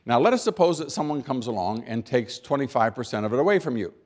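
An American man giving a keynote speech, emphatic, with dry humor, rhetorical questions and deliberate pauses for effect. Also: medium pitch, lively intonation, a little mellow. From United States. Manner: rhetorical questions and repeated build-ups. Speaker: keynote speaker.

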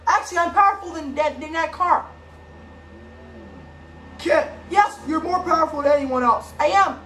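A woman improvises a toy play, hopping between several character voices and breaking into shouts. Her voice sits very high, and the recording carries a roomy echo with faint noise underneath. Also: normal speed. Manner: switches voices, bursts into shouts. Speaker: home video creator. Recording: echoey room with faint background noise.

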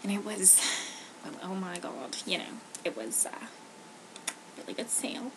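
A woman's voice: mid-range voice, sing-song, moderate pace, creaky, background noise. A woman playing a chatty, scatterbrained bargain-hunting lady who rambles, giggles and repeats a catchphrase, in a comedy sketch. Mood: rambling gossip. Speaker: co-host of a comedy talk sketch. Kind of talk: comedic improvised chat sketch.

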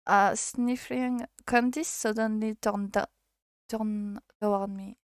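Slow, halting French woman streamer. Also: medium pitch, steady tone, clean tone, no room sound, studio quality. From France. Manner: hesitant, halting reading with frequent laughter. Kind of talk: reading a visual novel aloud on stream.

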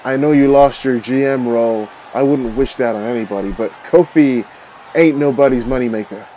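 A man's voice: mid-range voice, moderate pace, mellow, slight background noise, close to an everyday voice, rough recording. A man voicing a young, self-assured male wrestler who flippantly turns down help. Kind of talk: video game role-play voiceover.

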